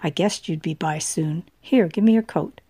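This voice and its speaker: A woman reading an elderly woman's lines in a storybook reading, speaking with a gently teasing, knowing manner. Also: sits low, normal speed, breathy edge, dry recording. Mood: warm. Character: elderly woman, warm and wry, fond of her friend.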